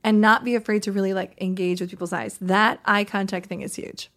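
Woman podcast host, coaching tone, lively delivery with playful demos. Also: mid-range voice, brisk. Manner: animated, demonstrates voice examples, laughs often.

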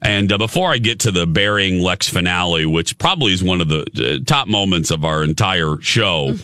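A man hosting a morning radio show, chatting casually and in an animated way while losing his voice. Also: low voice, no room sound, clean studio sound. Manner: animated, chatty, quick to laugh. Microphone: studio microphone.

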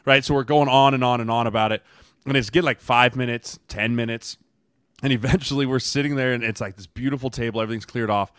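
A man's voice: mid-range voice, steady tone, fast talker, fairly bright tone, clean tone, no room sound, studio quality. A man co-hosting a football podcast, telling a team dinner story in casual chat with mocking quoted lines. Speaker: podcast co-host, former NFL lineman.

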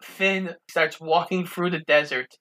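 A woman with a lowish but bright, forceful voice walks through a film's plot. She delivers it step by step in a matter-of-fact way, keeping the chat casual. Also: fairly even intonation, measured pace, soft background music. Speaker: podcast co-host. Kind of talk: casual film recap, plot narration.

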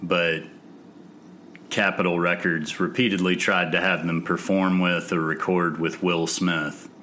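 A man's voice: low-pitched, level tone, measured pace, bright, forceful tone, slight background noise. A man hosting a music podcast, reading album facts in a matter-of-fact way. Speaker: podcast host.

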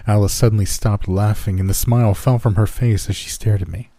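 A man reading a first-person horror story in a steady, measured scripted narration. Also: lowish voice, no echo.

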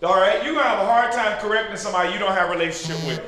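High-voiced preacher man, echoey church hall. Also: rapid-fire. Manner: call-and-response, builds to shouting peaks. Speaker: pastor leading a leader training. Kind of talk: sermon-style teaching. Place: large church hall with an audience. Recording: echoey hall with crowd responses.

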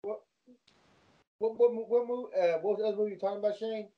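Heard through dull, lo-fi audio, a man with a high, steady voice hangs out with friends. His speech is halting: he trips over words, starts over, and swears.

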